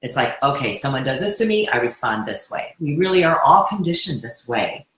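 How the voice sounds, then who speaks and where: A woman's voice: extremely low pitch, a bit bright, a little hiss or hum. A woman hosting a live wellness course Q&A, talking in an earnest, encouraging way with frequent restarts. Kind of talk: live webinar Q&A. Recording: roomy echo.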